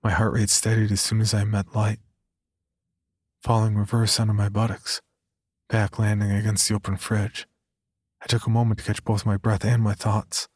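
Male horror narrator, low husky voice, dry booth sound. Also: completely flat delivery, moderate pace, pauses often, darkish tone, no room sound. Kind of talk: scripted horror story narration.

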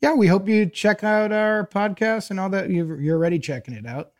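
A man from Chicago co-hosting a comedy advice podcast, chatting casually and laughing often. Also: sits high. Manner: laughs often, quick acknowledgments. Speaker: podcast co-host.

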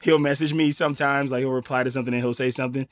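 A man's voice: mid-range voice, fairly even intonation, rapid-fire, dry recording, clean studio sound. A man, a guest comedian, in casual chat, talking animatedly in a mocking, playfully ranting way.

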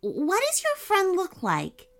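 A polite, eager young girl with a high, lively voice, put on by a woman reading a children's story. She speaks carefully and kindly, with a slow, gentle delivery. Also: heavily acted.

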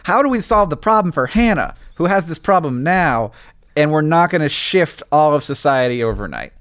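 Man, middle-aged, podcast co-host, playful and teasing, fairly high voice, very animated pitch. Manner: playful, teasing, quick to laugh. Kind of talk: casual podcast chat.

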